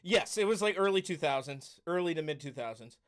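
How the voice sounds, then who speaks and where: A man's voice: fairly high pitch, lively intonation, brisk, clear, resonant tone. A man co-hosting a casual podcast chat, easygoing and agreeable, chiming in often. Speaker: podcast co-host.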